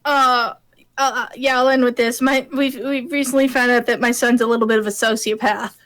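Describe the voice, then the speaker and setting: A woman's voice: a little high, steady tone, normal speed, a bit bright. A woman in her thirties, a guest on a live stream, chatting casually and telling a story about her son. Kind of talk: casual chat.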